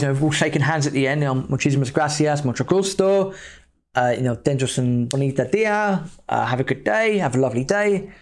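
A man hosting a podcast, talking in an easy, loose way. His voice sits at an ordinary middle pitch, and he tells his story like a casual chat with a friend, dropping in the odd swear word. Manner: chatty, loose, with mild swearing. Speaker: podcast host.

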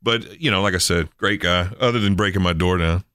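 A man with a lowish voice chats on a radio show, slipping into lively anecdotes. The sound is close and dry, with no room around it. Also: a little fast, clear, resonant tone, dry recording. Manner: storytelling, animated in anecdotes. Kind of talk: casual radio banter.

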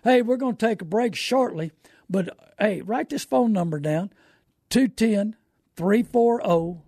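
A man's voice: sits high, animated, unhurried, warm tone, no echo, studio quality. A man hosting a call-in radio show, talking in a folksy, preachy, down-to-earth way.

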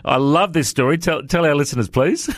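A man's voice: a little high, a little fast, dry recording. A man hosting a radio show, introducing his guest with a laugh. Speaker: radio host. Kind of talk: casual interview.

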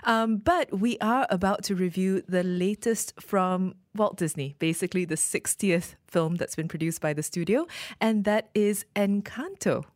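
A woman's voice: mid-range voice, a little slow, no echo, clean studio sound. A woman co-hosting a radio film review show, chatting enthusiastically. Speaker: radio co-host.

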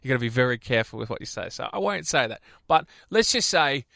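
A man's voice: medium pitch, expressive, fast talker, gravelly, bright, forceful tone, dry recording, clean studio sound. A man, co-hosting a radio show and rambling through memories with frequent restarts. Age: 20s. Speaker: radio co-host. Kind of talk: casual radio banter. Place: radio studio.

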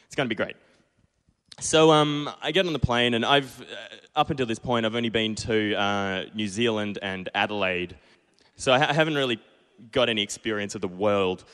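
Smooth-voiced young Australian man storytelling. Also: fairly low pitch, moderate pace, fairly bright tone, long reverb tail. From Perth, Australia. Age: 20s. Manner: self-deprecating, acts out his own past lines. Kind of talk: live stage storytelling. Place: small pub stage.

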